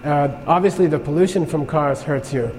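A man with a fairly high voice gives a classroom lecture, talking in a loose, conversational way. He keeps checking in with his listeners as he explains. His voice carries a long hall reverb over a faint background ambience. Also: moderate pace, a little mellow, slight background noise. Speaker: Buddhist teacher.

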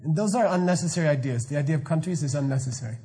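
Male spiritual teacher, slightly high voice, lively informal lecture, laughs through his points. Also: very fast, faint music behind. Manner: animated, laughing, mock-incredulous asides.

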